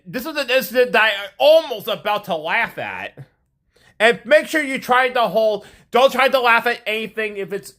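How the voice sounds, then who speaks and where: A man telling a story to his viewers in a rambling, repetitive way, ending with a moral and a sign-off. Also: sits high. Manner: rambling, animated, repeats himself. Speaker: vlogger. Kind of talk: casual storytelling to camera.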